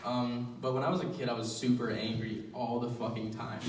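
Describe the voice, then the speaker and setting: Rambling young stand-up comic, roomy venue. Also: male voice, mid-range voice, flat delivery, a little fast, noisy background. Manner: rambling, filler-heavy, self-deprecating. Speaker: stand-up comedian. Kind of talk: stand-up comedy set. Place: small live venue. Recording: roomy venue, recorded from a distance.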